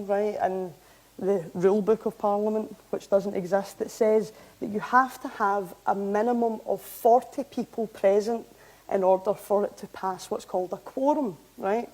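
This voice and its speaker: A young Scottish woman giving a public talk, recounting events in a lively, anecdotal way. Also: mid-range voice, poor audio. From Scotland. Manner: lively anecdotal, animated when amused. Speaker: member of parliament giving a talk. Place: hall, talk to an audience.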